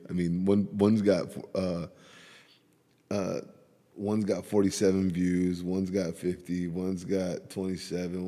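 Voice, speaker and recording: Recorded in what sounds like a large hall, this podcast host speaks in a deep, mellow voice. He chats casually about his family, telling the story in a rambling way with frequent laughter.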